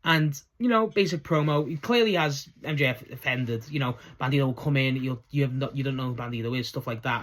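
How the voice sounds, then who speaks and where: A man's voice: medium pitch, a bit bright. A man giving a casual solo recap of a wrestling show, rambling enthusiastically and swearing now and then.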